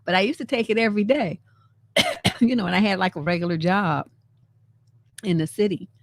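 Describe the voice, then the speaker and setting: A woman from San Francisco hosting a live stream, giving casual, animated commentary on memes and often acting out the lines she quotes. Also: medium pitch, moderate pace, no echo. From San Francisco, USA.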